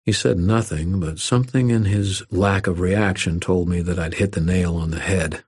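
A man reading a first-person story aloud as an audiobook narrator, in an even, measured way. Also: low-pitched, husky, dry recording, studio quality.

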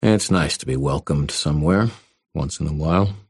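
A very deep, gravelly man narrates an audiobook in the first person at a moderate pace. His tone is a little mellow, and the recording is dry and clean, studio quality.

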